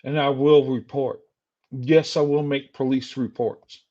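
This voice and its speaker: A man's voice: medium pitch, fairly even intonation, unhurried, mellow, muffled recording. An older man streaming a heated, insulting rant at a rival. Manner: angry, insulting, taunting.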